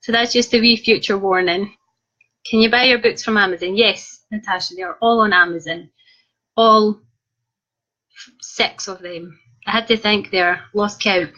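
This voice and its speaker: A young woman author reads viewer comments aloud on a live video, chatting in a cheeky, self-deprecating way. Her medium-pitched voice is bright, forceful and steady, at a moderate pace with frequent pauses, and the stream audio is dull and lo-fi.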